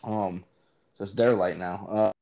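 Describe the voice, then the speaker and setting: A man's voice: lowish voice, fairly even intonation, slow pace, gravelly, warm tone, dull audio. A man co-hosting a podcast, hesitant and self-mocking, stumbling over his words in casual chat. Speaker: podcast co-host.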